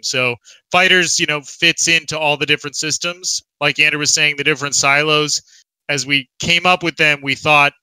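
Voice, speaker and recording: A man's voice: a little high, pushed and bright, clear, resonant tone, no echo, rough recording. A man, a game developer guest, explaining his plans eagerly with some jokes over an online voice call. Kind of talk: casual interview talk.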